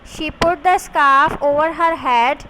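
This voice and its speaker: A woman English teacher reading a story aloud to her class, slowly spelling words out letter by letter. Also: high voice, background noise. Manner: slow and deliberate.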